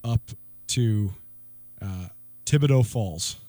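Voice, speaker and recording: A man's voice: on the low side, slow pace, no room sound. Chatty male co-host telling a story. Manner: laughing, lively anecdote telling with quoted voices. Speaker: radio co-host. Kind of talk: casual storytelling chat. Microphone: studio microphone.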